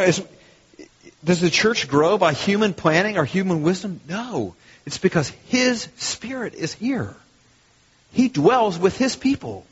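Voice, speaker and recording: A man preaching a sermon as a pastor, animated and fond of rhetorical questions and repeated phrases. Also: high voice, breathy edge. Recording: long hall reverb, dull lo-fi sound.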